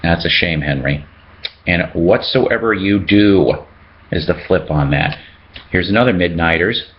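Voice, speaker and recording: A man's voice: sits low, normal speed, highs cut off, slight background noise. A man hosting a casual show-and-tell video about his records, chatting and joking as he reads out the labels. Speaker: record collector host.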